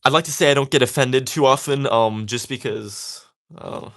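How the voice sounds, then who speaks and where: A young man talks casually as he works on a craft, in a chatty and easygoing way. He sounds a little defiant, brushing off critics, and his speech is loose and full of fillers and restarts. His voice sits at an ordinary middle pitch. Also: moderate pace, fairly bright tone. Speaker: tatting creator. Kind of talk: casual talk while crafting.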